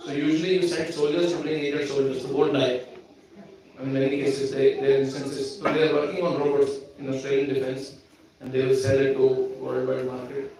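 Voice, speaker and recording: A man's voice: mid-range voice, flat delivery, fairly quick, dark tone. A man giving a sermon at a temple program, speaking directly and earnestly, full of rhetorical questions. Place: temple hall. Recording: echoey room from far off, faint noise.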